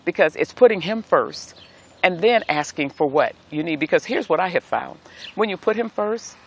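Gravelly-voiced preacher with a rhythmic cadence. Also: male voice, high voice, lively intonation, normal speed. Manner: warm preacherly cadence with repeated phrases. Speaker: pastor. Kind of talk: devotional talk. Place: outdoors in nature.

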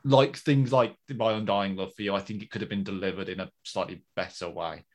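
A man co-hosting a podcast in casual chat, animated, with frequent fillers and restarts. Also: sits low, a little fast. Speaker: podcast co-host.

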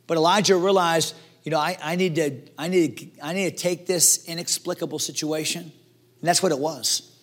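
Male pastor with a high voice, preaching in an animated, theatrical way. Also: normal speed. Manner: animated preaching, acts out quoted voices, swings from hushed to loud. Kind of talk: sermon.

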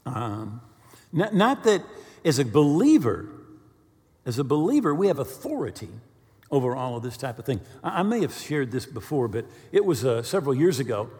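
Man preaching, pastor, lively storyteller, reverberant sanctuary. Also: mid-range voice, moderate pace. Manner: animated storyteller, speeds up when excited. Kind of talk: sermon.

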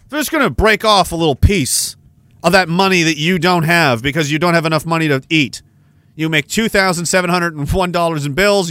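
A man hosting a podcast, delivering a heated, profanity-laced rant that swings into shouting. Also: a little high, no echo. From Canada. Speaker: podcast host. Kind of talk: angry rant.

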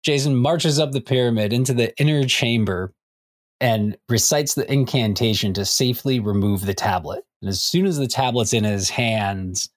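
A man's voice: medium pitch, moderate pace, no room sound, studio quality. A man co-hosting a casual comics podcast, rambling and full of restarts. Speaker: podcast co-host. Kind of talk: casual chat about comics.

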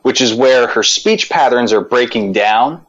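A man's voice: mid-range voice, measured pace, a bit bright, lo-fi sound. A man co-hosting a podcast, explaining his point earnestly with filler words. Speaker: podcast co-host. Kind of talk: casual chat.

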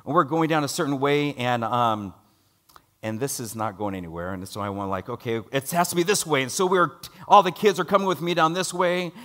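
Man, middle-aged, preacher, sermon storytelling, animated delivery. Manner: storytelling, animated, rises loud for dialogue and drops low for worry.

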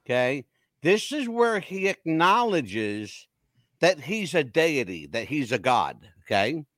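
A man's voice: fairly high pitch, big pitch swings, slow pace, a bit bright, no echo. A man hosting a casual chat, blunt, profane and opinionated. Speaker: podcast host.

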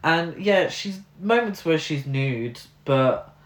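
A man with a somewhat high, expressive voice speaks slowly as he rants in frustration, using plenty of fillers, while co-hosting a casual film review podcast. The space sounds roomy and echoey.

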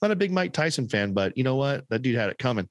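A man's voice: medium pitch, sing-song, fast talker, no room sound. A man co-hosting a podcast in casual chat, telling stories with laughs and mimicking voices. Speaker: podcast co-host.

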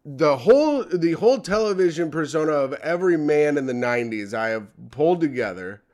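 A man's voice: on the high side, very animated, a little fast, a little mellow. A young man co-hosting a comedy podcast, rambling and joking in casual chat. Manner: joking, rambling, puts on silly voices.

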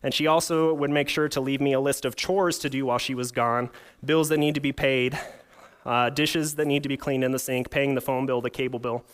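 A man's voice: mid-range voice, fairly even intonation, a little fast, clean tone. A young adult man preaching a sermon, mixing scripture reading with a humorous personal story and rhetorical questions. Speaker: pastor.

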